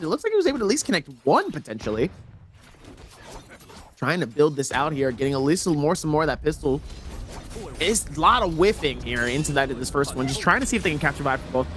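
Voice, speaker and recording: A man's voice: fairly high pitch, a bit bright, a little hiss or hum. A man casting an esports tournament live, joking with chat and laughing often between play-by-play calls. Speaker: esports caster.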